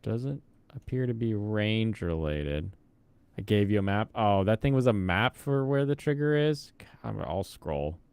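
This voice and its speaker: Low, smooth-voiced man thinking aloud. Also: lively intonation, measured pace, a little mellow, no echo. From Pacific Northwest, US. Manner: thinks aloud, chatty, reacts to chat. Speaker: streamer. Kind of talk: casual gameplay commentary.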